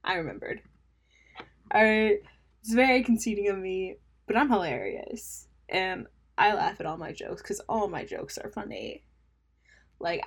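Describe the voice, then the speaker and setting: Young woman, podcast host, casual chat, rambling, self-mocking, laughs at own jokes. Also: mid-range voice. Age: young adult. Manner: drops into mumbled asides.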